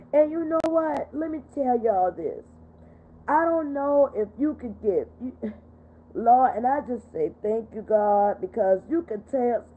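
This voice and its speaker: Upset grandmother on a tinny livestream. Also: medium pitch. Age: older. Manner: upset, tearful. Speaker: livestream host. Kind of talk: emotional livestream talk reading viewer comments. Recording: tinny phone-quality audio.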